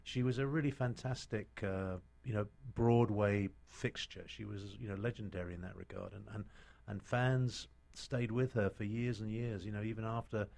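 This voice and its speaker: A man's voice: on the low side, steady tone, normal speed, creaky, hardly any pauses, darkish tone. A middle-aged British man, an actor guest, telling stories in casual chat with many restarts and fillers. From Britain.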